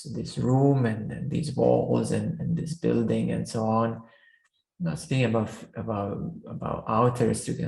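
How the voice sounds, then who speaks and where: A man teaches meditation in a slow, unhurried way, and his voice has a gravelly, crackly edge. He halts often, repeating words and filling gaps with "um" as he works toward each thought. The sound is roomy, with noticeable echo around him. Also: medium pitch, a little mellow. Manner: slow, halting, many restarts and fillers. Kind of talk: spiritual teaching talk. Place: room.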